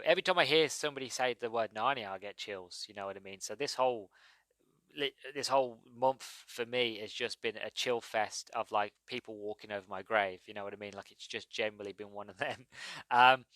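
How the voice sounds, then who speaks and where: Guy gushing about a movie on his podcast, bright voice, dry sound, lots of ums. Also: medium pitch, dry recording. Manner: enthusiastic, rambling, many fillers. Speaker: podcast host. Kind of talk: solo movie review podcast.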